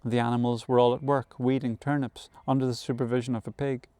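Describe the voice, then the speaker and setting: Man, audiobook narration, measured storytelling, smooth resonant voice, dry close recording. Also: mid-range voice, level tone, mellow, no room sound. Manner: measured storytelling with occasional self-corrections. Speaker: audiobook reader. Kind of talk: scripted narration of a novel.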